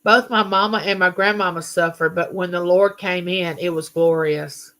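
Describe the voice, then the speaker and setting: A woman's voice: on the low side, fairly even intonation, moderate pace, a bit bright. A middle-aged woman hosting a live chat, greeting viewers and reading their comments aloud. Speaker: livestream host.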